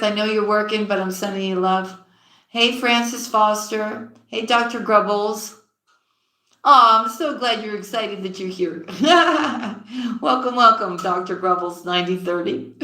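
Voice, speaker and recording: Slow-talking, affectionate woman tarot reader. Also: reverberant. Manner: affectionate, calls viewers sweetheart and sis; often drops low and quiet mid-sentence. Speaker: tarot reader live-streaming to viewers. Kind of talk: casual live-stream chat greeting viewers.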